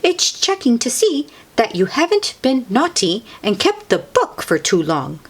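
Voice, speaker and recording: A woman voicing a brisk female rabbit librarian in a storybook, lightly scolding. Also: a little high, huge pitch swings, breathy edge, voice pushed up, exaggerated voice.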